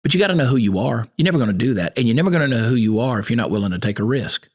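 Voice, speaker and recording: A man's voice: mid-range voice, animated, racing, slightly rough. A man hosting a podcast, giving a folksy, preacherly motivational talk that quotes scripture. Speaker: podcast host.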